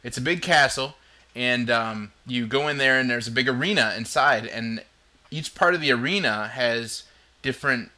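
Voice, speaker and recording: A man's voice: mid-range voice, normal speed, sharp tone. A man hosting a show, rambling casually as he tells a story. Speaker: podcast host. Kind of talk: casual chat.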